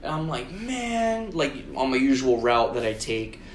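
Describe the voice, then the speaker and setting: Man, podcast co-host, casual storytelling, lots of cursing, mid pitch, faint background hiss. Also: moderate pace. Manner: heavy swearing, acts out his own shouted lines. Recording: roomy echo.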